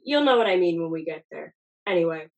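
A woman's voice: on the low side, expressive, quick pace, a little mellow, dull audio. A young woman with a nasal voice, hosting a podcast in rambling, self-deprecating casual chat. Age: young adult. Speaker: podcast host.

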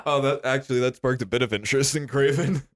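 A man's voice: mid-range voice, fast. A young man co-hosting a casual movie news podcast, laughing often and making dry jokey asides. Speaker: podcast co-host.

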